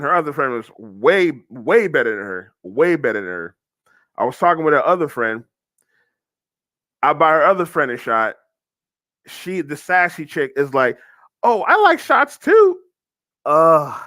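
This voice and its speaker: A man's voice: fairly high pitch, sharp tone, no echo, studio quality. A young man hosting a casual commentary, telling a rambling story with frequent restarts. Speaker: host.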